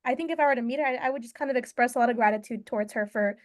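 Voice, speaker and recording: Brief: female guest umpire, fairly high voice, earnest, quick to laugh. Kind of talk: casual interview chat.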